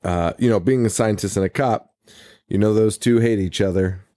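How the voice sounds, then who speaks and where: A man's voice: fairly low pitch, normal speed, dark tone, dry recording. A man co-hosting a podcast, recapping a movie in casual, profane, rambling banter with frequent laughs. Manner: rambling, laughs often, swears freely. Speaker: podcast co-host.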